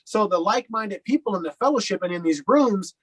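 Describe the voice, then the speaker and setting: A man's voice: high voice, lively intonation, fairly quick, a bit bright, breathy edge, low-quality recording. A man from Colorado telling his personal story as an interview guest, loose and rambling with lots of fillers.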